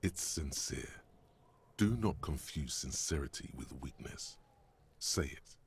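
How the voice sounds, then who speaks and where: An actor playing the deep, husky inner voice of a detective's mind, giving grave and insistent counsel. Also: male voice, animated, slow, a little hiss or hum, exaggerated voice. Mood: grave urging.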